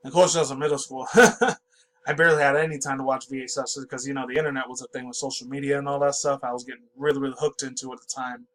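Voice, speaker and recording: A man in his twenties reads an article aloud, stumbling over words and breaking off into excitable, profane commentary. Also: medium pitch, very fast, low-quality recording. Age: 20s. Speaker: pop culture vlogger.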